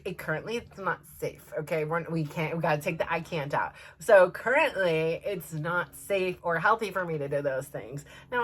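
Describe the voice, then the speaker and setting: A middle-aged woman, telling a story casually and acting out voices as a podcast host. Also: medium pitch. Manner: animated, acts out voices, many fillers.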